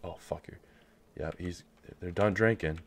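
A man commentating a hunting game as he plays, nervous and excitable, swearing and swinging between hushed muttering and loud outbursts. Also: low voice, unhurried. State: nervous, shaking. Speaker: gamer playing a hunting game. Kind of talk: live gameplay commentary.

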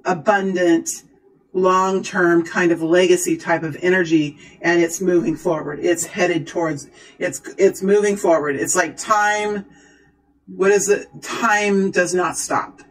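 During a card reading, a tarot reader speaks to viewers in a slow, mid-range voice, excitably gushing and exclaiming. The recording quality is low.

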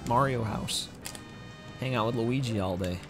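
A man's voice: mid-range voice, a little slow, music in the background. A young man speedrunning a game on a live stream, chatting casually and making self-deprecating jokes to his viewers.

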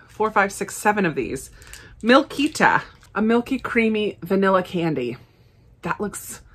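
A woman chatting casually as she unboxes and tastes snacks, upbeat and quick to laugh. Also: mid-range voice, slight background noise. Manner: chatty, enthusiastic, frequent laughs. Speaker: snack reviewer. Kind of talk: casual unboxing and tasting vlog.

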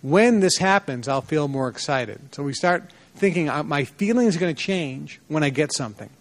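A man's voice: on the high side, moderate pace. A man giving a motivational seminar lecture to a live audience, telling personal stories and acting out the dialogue in them. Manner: animated storyteller, acts out dialogue in a lively voice.

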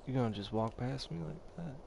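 A man's voice: mid-range voice, lively intonation, a little fast, creaky, dark tone, slight background noise. A man hosting a video game let's play, trash-talking and laughing at the enemies he fights. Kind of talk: gameplay commentary.

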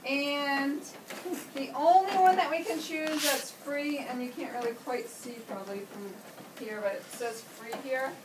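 A woman's voice: sits high, unhurried. A woman teacher walking a class of children through an app, step by step, in an upbeat, explaining way. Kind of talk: classroom demonstration. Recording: echoey classroom, camera far off, noisy.

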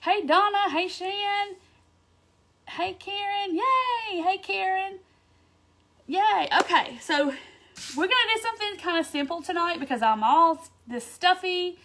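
Bubbly high-voiced woman with a stuffy nose. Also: a little slow. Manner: bubbly, chatty, excitable. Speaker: craft livestream host. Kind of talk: casual livestream chat greeting viewers.

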